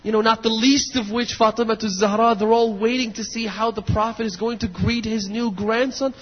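A male preacher delivering a sermon, moving between hushed storytelling and impassioned near-shouting, with a husky voice. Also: high voice, fairly even intonation, fairly quick, slight background noise. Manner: impassioned, builds to near shouts and weeping intensity. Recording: dull lo-fi audio in a long-reverb hall.

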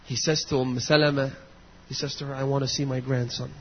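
A male preacher delivering a sermon, moving between hushed storytelling and impassioned near-shouting, with a husky voice. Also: mid-range voice, level tone, a little fast. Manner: impassioned, builds to near shouts and weeping intensity. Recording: dull lo-fi audio in a long-reverb hall.

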